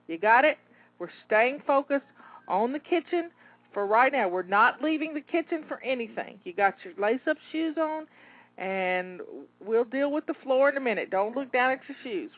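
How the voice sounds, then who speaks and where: A woman's voice: fairly high pitch, dry recording. A woman coaching listeners through a timed cleaning session, rallying and encouraging them, a bit out of breath. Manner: encouraging, rallying, repeats herself. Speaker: home organizing coach. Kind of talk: live cleaning coaching talk. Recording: tinny phone-like dry audio.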